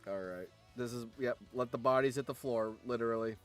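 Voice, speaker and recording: A man's voice: mid-range voice, a little fast, faint music behind. A man streaming and commenting on a game, reading out results, laughing often and swearing.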